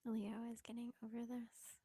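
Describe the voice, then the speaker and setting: Young woman, Southern American accent, casual live stream chat, giggly, whispered asides, higher voice, dry close sound. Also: little pitch movement, normal speed, mellow, husky, no echo. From Southern United States.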